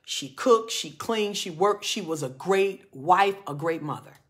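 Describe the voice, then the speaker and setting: A marriage coach in her forties gives a fervent, emphatic preaching talk, swinging between loud reading and low, earnest speech. Her intonation is lively and her pace unhurried.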